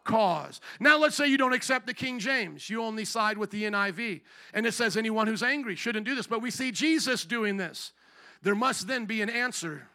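A man's voice: high voice, bright, forceful tone. A man preaching a sermon as pastor, putting emphatic rhetorical questions to his congregation.

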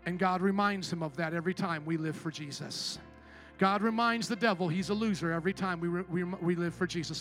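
A man's voice: high-pitched, a bit bright. A man preaching a sermon as pastor, emphatic and rhetorical, calling out to his congregation for responses.

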